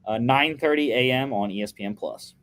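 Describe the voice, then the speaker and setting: A man's voice: medium pitch, brisk, a bit bright. A young man co-hosting a casual sports podcast, chatting through his football picks with lots of fillers and restarts.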